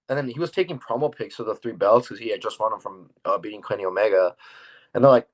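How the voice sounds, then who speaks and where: Fast-talking young man wrestler, lo-fi. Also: fairly low pitch. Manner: loose and excitable, full of fillers and laughs, acts out dialogue. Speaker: professional wrestler, guest. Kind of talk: casual interview chat. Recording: dull lo-fi audio.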